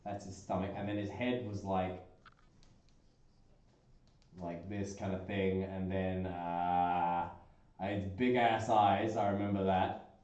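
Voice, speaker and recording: A man hosting a casual livestream, chatting playfully with viewers and breaking into goofy squeaky bursts. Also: flat delivery, takes it slowly, pauses often, a little mellow, muffled recording. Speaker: livestream host. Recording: roomy echoey room.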